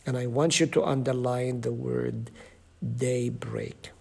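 A man leading a Bible study group, teaching slowly with many ums and asking the group questions. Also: mid-range voice, steady tone, gravelly, a little mellow.

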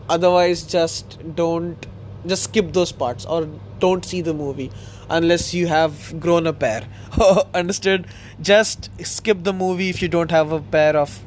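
A man talks through his podcast in a loose, excitable ramble, often breaking into laughter. His voice sits high for a man. A faint hiss lies behind the recording. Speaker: podcast host. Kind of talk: casual solo chat.

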